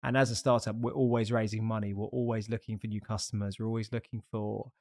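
A man's voice: on the low side, little pitch movement, fast, a little mellow. A man hosting a podcast interview, talking casually and candidly, swearing freely and laughing often. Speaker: podcast host.

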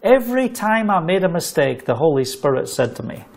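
Man with a higher voice preaching. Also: fairly quick. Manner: animated storytelling with fillers. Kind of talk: sermon testimony.

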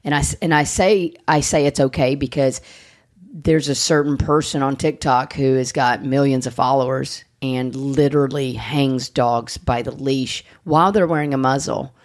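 Low-voiced blunt woman host. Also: fairly even intonation, moderate pace. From United States. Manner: blunt, joking, swears freely. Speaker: podcast host. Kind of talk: casual chat.

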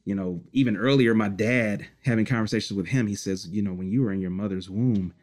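A Detroit man with a fairly low voice, a musician guest in a casual interview, reminisces at an easy, unhurried pace. He rambles and restarts, filling gaps with ums and "you know," and laughs quietly between stories.

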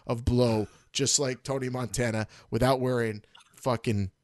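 A man hosting a casual wrestling podcast, animated and jokey, swearing freely and jumping up in pitch when excited. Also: a little slow, no room sound, studio quality. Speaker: podcast host.

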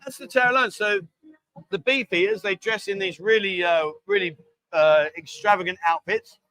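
A man's voice: high voice, lively intonation, normal speed, bright, forceful tone, no echo, low-quality recording. A man hosting a casual live show in a bar, joking, coaxing guests into quizzes and drinking games, calling them darling. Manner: jokey, bossy, coaxing, calls people darling. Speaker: host.

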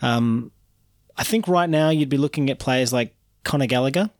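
A man's voice: mid-range voice, normal speed, no room sound, clean studio sound. A man co-hosting a casual sports podcast, making cheeky jokes. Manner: cheeky, jokey. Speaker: podcast co-host.

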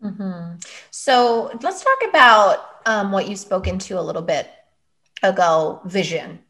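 A woman's voice: mid-range voice, animated, unhurried, bright, forceful tone. Chatty woman podcast host. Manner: chatty, lots of fillers like "like". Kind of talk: casual chat.

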